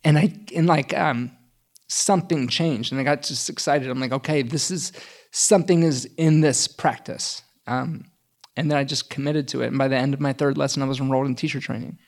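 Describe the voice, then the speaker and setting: A man's voice: medium pitch, steady tone, fast talker, gravelly. A middle-aged man telling a personal story in casual conversation, chatty with lots of fillers and self-mocking humor.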